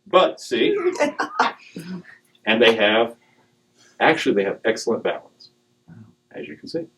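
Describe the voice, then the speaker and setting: Animated middle-aged man giving a joking talk. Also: medium pitch, slow, rough recording. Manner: animated and joking, with digressions and acted quotes. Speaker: speaker on dowsing. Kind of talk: humorous talk to a live audience.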